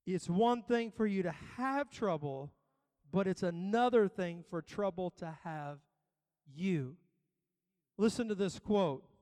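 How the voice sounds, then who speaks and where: A man's voice: sits high, darkish tone, clear, resonant tone, big-room sound. A man preaching a sermon as pastor, building emphasis through repetition. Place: church.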